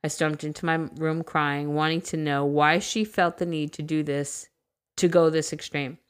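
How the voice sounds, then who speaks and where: A woman podcast co-host reading a listener's story aloud in a casual, animated way, with crude humor and bursts of laughter. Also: sits low, moderate pace, clear, resonant tone.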